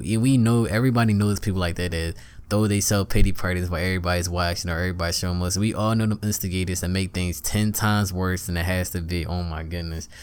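A man's voice: low voice, smooth. A man giving a casual motivational monologue, talking conversationally, repeating himself and asking rhetorical questions.

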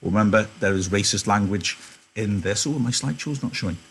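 A man's voice: lowish voice, fairly quick, slight background noise, poor audio. A male teacher explaining a novel to a class in a chatty way, with apologetic asides and self-corrections.

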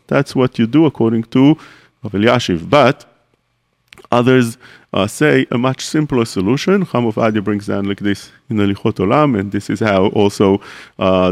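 Speaking at a fairly low pitch, this male rabbi teaches a radio Torah lesson one step at a time, raising questions and then resolving them while weaving Hebrew words into his English.

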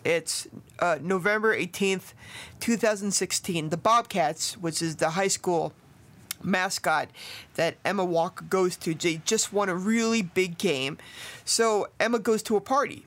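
A man's voice: high-pitched, a little slow, fairly bright tone. Rambling, swearing male podcast host. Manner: rambling, profane, filler-heavy. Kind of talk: casual storytelling of a true case.

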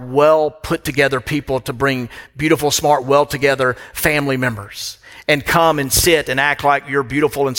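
A man's voice: medium pitch, bright, forceful tone. A middle-aged man preaching a sermon from a church pulpit, emphatic and repeating phrases for weight. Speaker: pastor. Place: church sanctuary. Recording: long reverb of a church hall.

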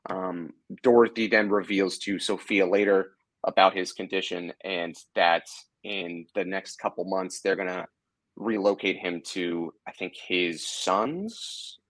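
Here a man with a low, slightly bright voice recaps a TV episode as a podcast co-host, taking his time. It's a casual chat full of rambling, fillers and false starts, captured in a dry recording.

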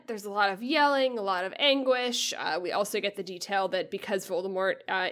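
A woman's voice: mid-range voice, a bit bright. A woman co-hosting a casual book podcast, summarizing a chapter in a chatty, filler-heavy way and tossing off breezy mock quotes. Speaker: podcast co-host.

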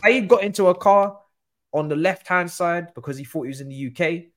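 A man telling an animated story in casual chat, acting out other people's voices. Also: sits high, brisk. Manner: animated, acts out quoted voices. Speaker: guest football pundit.

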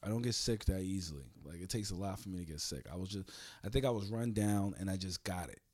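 A man in casual podcast chat, telling stories loudly and animatedly and swearing a lot. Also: sits low, quick pace.

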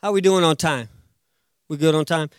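Male pastor, high voice, dry close sound, lively sermon delivery with acted-out quotes. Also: normal speed, smooth, no room sound. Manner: animated, acts out quotes, jumps loud and soft.

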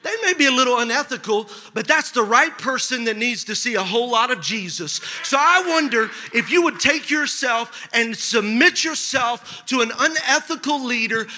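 A man preaching a sermon as pastor, telling a personal story with lively asides and humor. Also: very high-pitched, normal speed, few pauses. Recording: large hall with long reverb.

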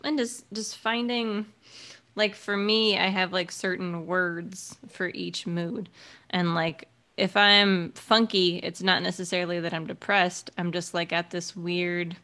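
Candid reflective woman, lowish voice. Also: steady tone, unhurried, pushed and bright. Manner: open, reflective, candid about feelings. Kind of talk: casual chat.

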